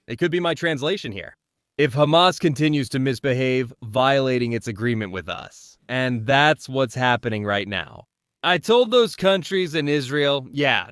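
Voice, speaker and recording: A man's voice: medium pitch, a bit bright, clear, resonant tone, no echo, studio quality. A man commentating on the news in a live stream, firing off rhetorical questions and greeting viewers in the chat.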